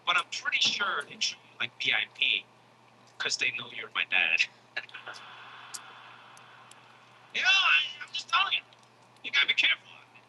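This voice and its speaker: A man telling a comic story in a casual, animated style, swearing freely and acting out other people's voices. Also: high voice, normal speed, gravelly, long pauses, a little hiss or hum, rough recording. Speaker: comedian. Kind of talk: stand-up comedy storytelling.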